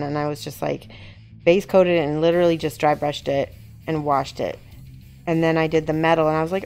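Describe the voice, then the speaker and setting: A woman host chatting excitedly on a live stream as she shows off a miniature she is painting. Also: sits low, brisk, smooth, soft background music. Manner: chatty and excitable, often laughing. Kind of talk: casual live-stream chat.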